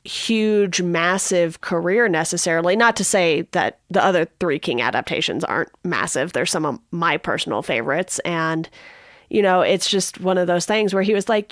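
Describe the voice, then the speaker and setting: A woman's voice: lowish voice, normal speed, a bit bright, dry recording, studio quality. A woman co-hosting a podcast, talking steadily and thoughtfully in a casual film discussion. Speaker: podcast co-host.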